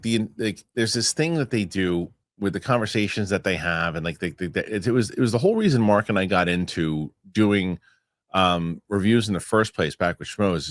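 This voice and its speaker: A man hosting a casual podcast chat, telling an animated, rambling story full of restarts and repeated words, into a close studio mic. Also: fairly low pitch, dry recording. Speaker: podcast host.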